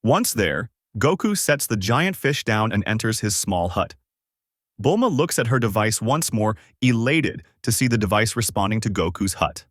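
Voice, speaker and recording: A man narrating a fan-made anime what-if story in an animated storytelling manner. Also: on the low side, no echo, clean studio sound.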